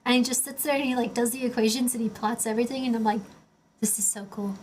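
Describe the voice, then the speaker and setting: A woman's voice: on the high side, fairly even intonation, rapid-fire, a little mellow, a little hiss or hum. A young woman livestreaming casually, rambling and chatty with lots of filler words while she builds a Lego set and answers chat. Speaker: streamer.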